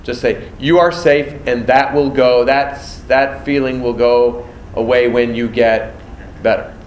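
A man's voice: medium pitch, steady tone, a little slow, roomy sound, slight background noise, low-quality recording. A man teaching a nursing exam prep class, quizzing students and acting out exam scenarios. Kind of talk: classroom lecture.

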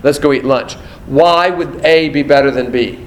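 A man's voice: medium pitch, normal speed, echoey room, slight background noise, low-quality recording. A man teaching a nursing exam prep class, quizzing students and acting out exam scenarios. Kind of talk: classroom lecture.

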